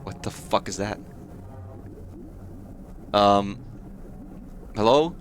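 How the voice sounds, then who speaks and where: A man's voice: on the low side, extremely slow, slight background noise. A man hosting a let's play, muttering and swearing at the screen, with startled reactions. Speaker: host of a gaming channel.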